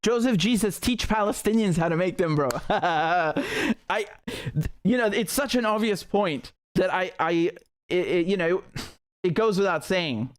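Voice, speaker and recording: Male political streamer, slightly high-pitched, heated and sarcastic, restarts often. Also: animated, unhurried. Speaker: host of a live political stream. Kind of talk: live-stream commentary.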